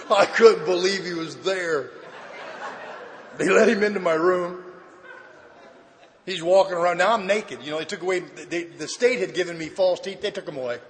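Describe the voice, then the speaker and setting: A middle-aged man sharing his story with a live audience at a recovery meeting, a folksy comic storyteller with dry deadpan asides. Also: high-pitched, moderate pace, pauses often. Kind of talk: humorous personal testimony to an audience. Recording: reverberant hall, faint background noise.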